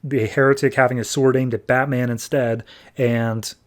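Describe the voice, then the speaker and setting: A man's voice: medium pitch, little pitch movement, normal speed. A man hosting a podcast, casually recapping a comic book in a chatty, filler-heavy way. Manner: chatty, filler-heavy, retells scenes in quoted paraphrase. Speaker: podcast host.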